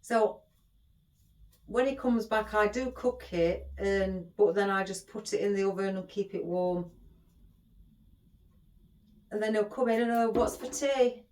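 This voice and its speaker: A woman's voice: mid-range voice, measured pace, pauses often, a little mellow. A middle-aged woman chatting as she hosts a craft tutorial, rambling and affectionate toward her viewers. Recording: echoey room.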